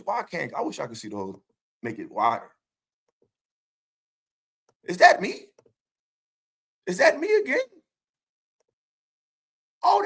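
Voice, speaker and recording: A man with a high voice that swings widely up and down rants on his own stream. He taunts with one rhetorical question after another and swears freely. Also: a bit bright. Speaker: streamer host. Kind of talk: confrontational livestream rant.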